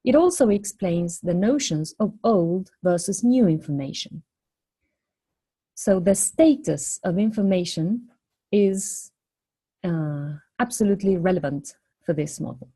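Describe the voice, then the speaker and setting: Husky, mellow-voiced woman lecturing. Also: on the low side, animated. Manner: measured, explains step by step with rhetorical questions. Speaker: phonology lecturer. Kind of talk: explanatory lecture.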